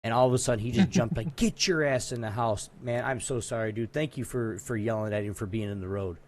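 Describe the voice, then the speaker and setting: A man's voice: on the low side, fairly even intonation, quick pace, a little mellow, slight background noise. A man co-hosting a podcast, telling a long story in casual chat, rambling with lots of asides. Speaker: podcast co-host.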